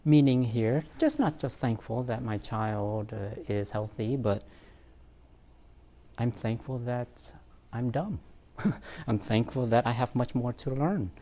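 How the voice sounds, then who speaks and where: A man's voice: medium pitch, slow pace, warm tone. A man, a therapist, giving an informal talk on parenting, reflective and self-mocking, with frequent fillers and laughs.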